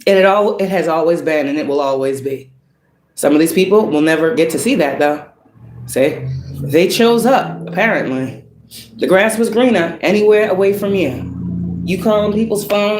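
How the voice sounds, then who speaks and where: A reverberant space carries this woman's darkish, low-side voice as she gives viewers a spiritual tarot reading. Blunt, profane and preachy, she keeps throwing rhetorical questions at the listener.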